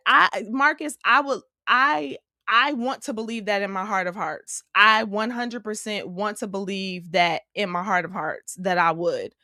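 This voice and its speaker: A middle-aged woman hosting her own show, telling a funny story about herself in a casual, animated way and calling her listeners y'all. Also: mid-range voice, unhurried, hardly any pauses, dry recording, studio quality. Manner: animated, self-mocking, addresses listeners as y'all. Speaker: show host.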